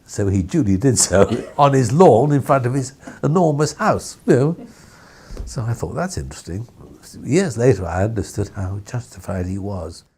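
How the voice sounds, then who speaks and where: A man's voice: mid-range voice, expressive, moderate pace, dark tone. An older man, a former newspaper editor, telling a rambling story with frequent chuckles and restarts in an archival interview. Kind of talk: anecdotal reminiscence.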